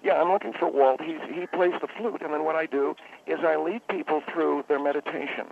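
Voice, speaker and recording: A man's voice: a little high, fairly even intonation, fairly quick, vocal fry, a little hiss or hum. A man calling in as a spa owner on a comedic radio phone-in, rambling, stammering and correcting himself as he talks. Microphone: telephone. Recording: tinny phone line.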